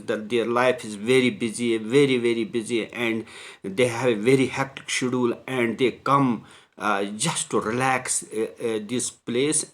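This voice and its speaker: A man's voice: medium pitch, a bit bright. A man teaching a textbook lesson, restating each phrase in simpler words with frequent hesitations. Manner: repetitive, paraphrasing, frequent hesitations.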